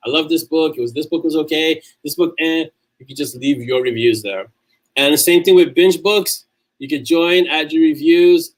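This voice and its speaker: A New York author hosts a casual livestream, chatting loosely with viewers, reading out their comments and often restarting his sentences. His voice has a fairly high pitch, and the audio is poor.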